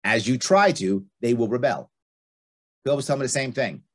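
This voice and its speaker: A man's voice: mid-range voice, fairly quick. A middle-aged man giving blunt, emphatic advice in conversation, repeating his points for effect. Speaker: guest.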